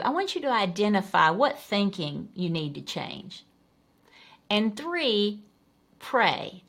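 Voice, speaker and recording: A woman hosting a Christian podcast, thanking her co-host and then calmly walking listeners through five steps for renewing the mind. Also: on the low side. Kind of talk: teaching podcast talk.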